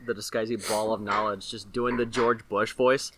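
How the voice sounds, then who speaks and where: A man's voice: lowish voice, flat delivery, normal speed, a bit bright. A man co-hosting a casual podcast, chiming in with enthusiastic short reactions. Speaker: podcast co-host. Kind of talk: casual chat.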